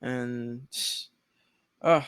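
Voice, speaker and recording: A young man co-hosting a casual TV episode discussion, slangy and animated, often breaking into laughter as he retells scenes. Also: medium pitch, extremely slow, clear, resonant tone, no room sound. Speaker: podcast co-host.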